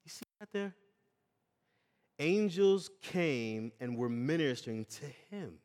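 A man's voice: fairly high pitch, lively intonation, slow pace, a little mellow. Man preaching in an earnest, dynamic sermon delivery, voice carrying a long hall echo.

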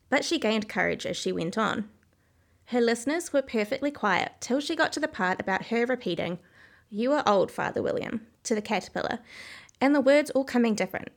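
A woman narrating a classic storybook aloud in a measured, expressive way. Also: on the high side, vocal fry. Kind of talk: storybook reading.

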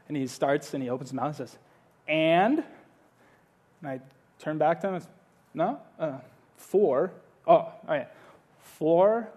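High-voiced man telling a lively sermon story. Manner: casual storytelling, animated and playful. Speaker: pastor.

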